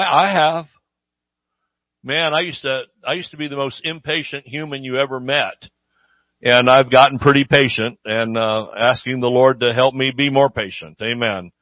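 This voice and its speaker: A man preaching a sermon in a relaxed, conversational way, often checking in with his listeners with a questioning "Amen?". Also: medium pitch, no room sound, lo-fi sound. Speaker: pastor.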